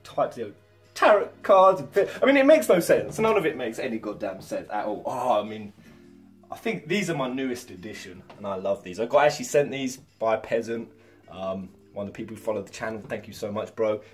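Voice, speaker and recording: A young man, chatting excitedly and swearing freely as he shows off his collection at home. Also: on the low side, a little fast, soft background music. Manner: swears freely, stumbles over words when excited. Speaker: vlogger showing his figure collection. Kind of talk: excited casual vlog. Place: home room with shelves.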